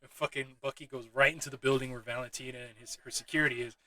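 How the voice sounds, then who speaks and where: A man giving a casual, excitable movie recap, swearing often and laughing as he talks. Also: medium pitch, fast, poor audio. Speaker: movie reviewer.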